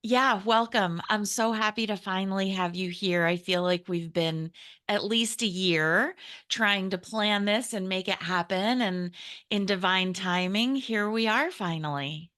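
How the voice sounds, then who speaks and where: Bright-toned gushing Southern woman host. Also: medium pitch, unhurried. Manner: effusive and gushing. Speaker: podcast host. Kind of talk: casual interview chat.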